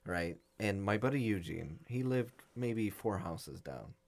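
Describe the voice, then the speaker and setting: A man's voice: lowish voice, unhurried. A young man co-hosting a podcast, casually telling a funny story, acting out the voices of friends and laughing along. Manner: animated storyteller, acts out quotes, laughs often. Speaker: podcast co-host.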